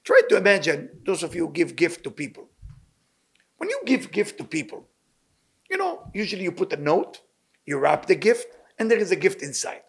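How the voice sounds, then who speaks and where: Gravelly man teaching Torah. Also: high voice, normal speed. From Libyan Sephardic family. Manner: earnest, animated storytelling in broken English. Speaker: rabbi teaching weekly Torah portion. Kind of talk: informal Torah lesson.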